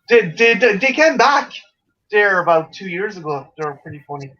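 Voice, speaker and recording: An Irish man with a high, bright voice chats casually with a friend, swearing freely and joking around. The recording sounds dull and lo-fi. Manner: swears a lot, jokey, frequent laughter. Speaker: friend in a chat. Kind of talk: casual chat.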